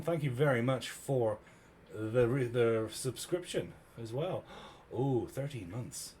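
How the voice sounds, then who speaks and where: British male streamer in his thirties, mid-pitched, chatty storyteller, animated delivery, slight hiss underneath. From Cornwall, England. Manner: chatty, animated retelling with quoted voices. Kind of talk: casual storytelling to chat.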